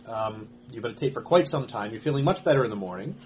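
A man narrating a tabletop game as game master, relaxed and hesitant with many fillers. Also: on the low side, quick pace, a little hiss or hum.

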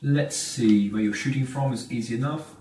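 A man's voice: medium pitch, moderate pace, dark tone. A man running a tabletop game as game master, joking and swearing freely while he handles the rules. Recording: distant mic in echoey room with faint noise.

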